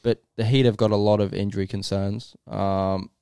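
Gravelly man chatting sports. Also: fairly low pitch, flat delivery, moderate pace, dark tone, no echo, clean studio sound. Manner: chatty, hedging, teasing. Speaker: podcast co-host. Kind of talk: casual sports chat.

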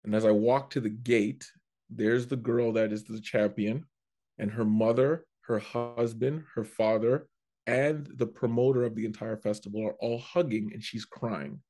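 A man, a comedian, telling a story in a casual chat, animated and prone to restarting his sentences. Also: medium pitch, unhurried. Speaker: comedian guest.

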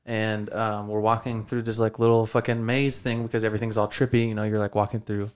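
A man's voice: on the low side, little pitch movement, brisk, clear, resonant tone. A young man hosting a casual podcast from his home studio, swearing a lot and saying "dude" constantly as he rambles. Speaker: podcast host.

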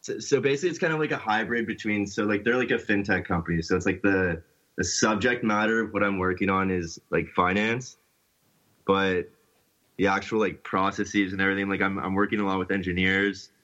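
A man's voice: sits low, steady tone, a little fast, bright, forceful tone. A man with a Canadian accent chatting casually, rambling and filling his speech with "like". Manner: rambling, heavy use of "like". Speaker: podcast guest. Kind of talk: casual chat. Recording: dull lo-fi sound.

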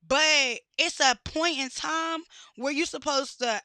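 A woman's voice: sits high, slow, sharp tone, no room sound, clean studio sound. A woman ranting bluntly with heavy cursing and exasperated rhetorical questions. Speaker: podcast host. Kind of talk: profane rant.

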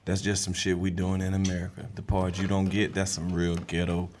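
A man's voice: low voice, completely flat delivery, brisk, a little mellow, a little hiss or hum. A man hosting a podcast in a crude, joking, laid-back casual chat. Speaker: podcast host.

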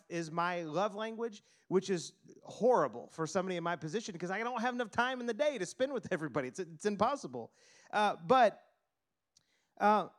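A middle-aged man preaching a sermon as pastor, earnest, often repeating words and restarting. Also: high-pitched.

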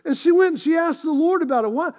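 High-voiced impassioned male preacher. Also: expressive, fast. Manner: impassioned, repetitive, storytelling. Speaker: pastor. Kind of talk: sermon.

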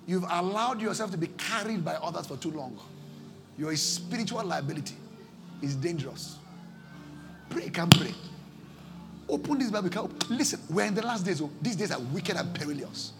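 A Nigerian-accented man preaching a sermon as pastor, impassioned, swinging between shouts and low pleading, in a church service. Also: expressive, brisk, creaky, over music.

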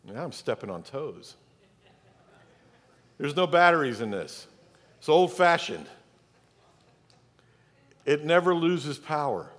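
Lively-voiced pastor preaching in a reverberant church. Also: male voice, on the high side, slow pace, pauses often. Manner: emphatic, talks directly to the congregation. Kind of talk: sermon. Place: church sanctuary. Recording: long church hall reverb.

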